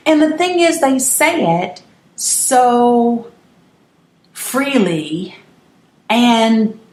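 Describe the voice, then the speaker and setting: A middle-aged woman hosting her own show, telling viewers a personal family story earnestly and emphatically, often restarting her sentences. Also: fairly high pitch. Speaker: host. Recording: roomy echo.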